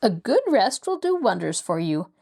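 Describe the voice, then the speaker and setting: Fussy kindly old spinster as a lady reads her, quick and insistent, middle pitch. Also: big pitch swings, gravelly, darkish tone, slightly rough, exaggerated voice.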